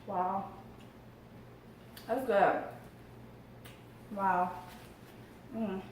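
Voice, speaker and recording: A woman's voice: mid-range voice, steady tone, extremely slow, distant mic, a little hiss or hum. A woman hosting a casual mukbang eating vlog, murmuring over her food and giggling often. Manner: upbeat, murmurs between bites, giggly. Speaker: mukbang vlogger. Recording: very echoey room.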